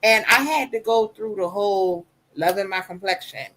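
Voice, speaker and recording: Soft-voiced woman, podcast guest, candid and personal, slips into quoted voices. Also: medium pitch, moderate pace, slight background noise, poor audio. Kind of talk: casual podcast conversation.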